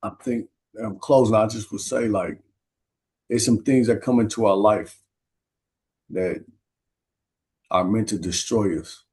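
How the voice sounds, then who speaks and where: A man's voice: on the low side, unhurried, long pauses, a little mellow. A man guest, retelling a story in an earnest, emotional way, close to tears. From Minneapolis, USA.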